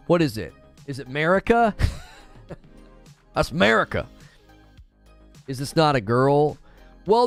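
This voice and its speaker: A man hosting a gaming channel, chatting casually with a live audience in an animated, ranting way and stumbling over hard names. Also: a little high. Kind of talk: casual live-stream chat, reading viewer comments.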